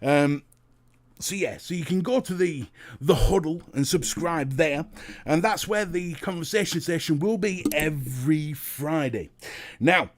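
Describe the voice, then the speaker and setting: With a fairly high pitch and no rush, the British host chats with his livestream audience, reading their comments and joking straight to the chat in a relaxed stream.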